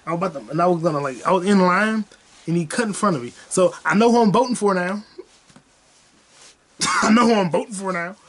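Hosting his podcast alone, a young man tells profane, rambling comedic stories and circles back to his punchlines. His voice sits high and fairly bright, he talks briskly with long pauses, and there's slight background noise.

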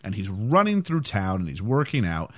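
A man's voice: fairly low pitch, wildly swooping pitch, normal speed, fairly bright tone. A man hosting a podcast, chatting casually and animatedly about a film, with frequent fillers. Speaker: podcast host.

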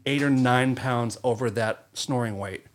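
A man's voice: mid-range voice, a little slow. A man co-hosting a casual podcast chat, teasing with dry jokes. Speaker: podcast co-host.

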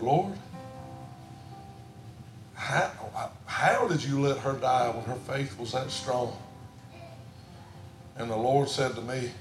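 Preaching pastor in an echoey church. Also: male voice, mid-range voice. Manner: swings from hushed storytelling to shouted preaching. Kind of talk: sermon. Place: church sanctuary.

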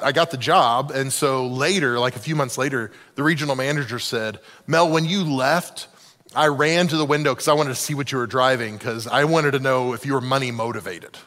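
A man teaching a leadership class to a live group, telling stories in an animated way and acting out the voices of the people he quotes. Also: mid-range voice. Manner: animated, acts out quoted voices, self-deprecating. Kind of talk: storytelling talk to a live group. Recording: long reverb of a hall.

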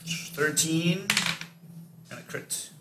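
A man's voice: a little high, extremely slow. A man player in a casual tabletop game who draws out his words and laughs often. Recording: echoey room with loud background noise.

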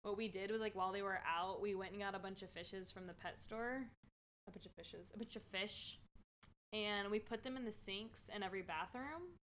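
A young woman in her twenties talks casually, telling stories with lots of "like". Her voice is bright and clear, at an ordinary pitch. She keeps a relaxed, chatty flow. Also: moderate pace, slight background noise. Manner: chatty storytelling, heavy use of "like". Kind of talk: casual chat.

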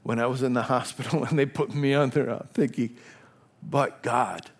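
An older man preaching a sermon, impassioned and repetitive, swinging between hushed whispers and loud, rising exclamations. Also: medium pitch, fairly even intonation, normal speed.

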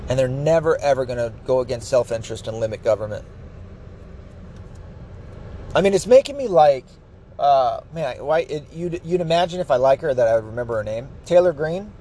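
A man's voice: mid-range voice, lively intonation, fast, dark tone, a little hiss or hum. A man ranting angrily about politics, swearing constantly. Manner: angry, profane, ranting. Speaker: political commentator. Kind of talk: profane political rant.

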